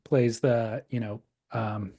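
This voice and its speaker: A man's voice: medium pitch, steady tone, slow pace, mellow. A man co-hosting a podcast in casual chat, easygoing and wry, stretching his thoughts into long asides. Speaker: podcast co-host.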